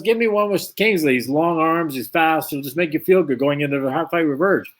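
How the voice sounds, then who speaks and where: Speaking at normal speed in a slightly high voice, a former boxer recounts a lengthy fight story during an interview. He plays out both halves of the dialogue, giving the anecdote a lively feel.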